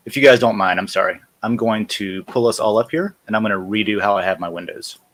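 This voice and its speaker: Relaxed low-voiced man demoing software. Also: quick pace. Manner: casual, self-correcting while clicking through screens. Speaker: host. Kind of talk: live-stream software demo chat.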